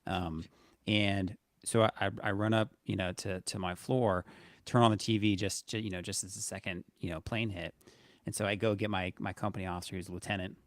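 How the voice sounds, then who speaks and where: A man hosting a podcast interview, talking in a halting way with repeated words and soft trailing ends. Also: sits low, fairly even intonation, no echo. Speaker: podcast host. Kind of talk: casual interview chat.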